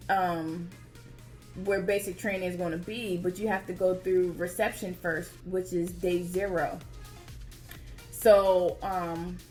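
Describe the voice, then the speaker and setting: A woman vlogger casually telling her own story to viewers in a chatty, expressive way, calling them y'all. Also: lowish voice.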